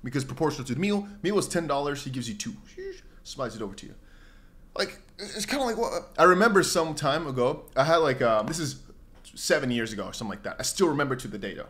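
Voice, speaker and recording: Young male streamer, casual and rambling, with a lively up-and-down pitch. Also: fast. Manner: animated, rambling, jumps into mock voices and exclamations. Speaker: crypto livestream host. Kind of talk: casual livestream chat, reading viewer comments.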